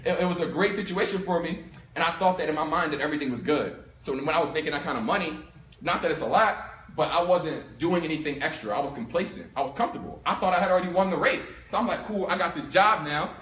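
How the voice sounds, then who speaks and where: A young man from Philadelphia giving a storytelling talk to a live audience, animated and acting out both sides of his story. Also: fairly high pitch, fast, a little hiss or hum. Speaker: speaker giving a talk on income. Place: room with an audience. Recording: echoey room.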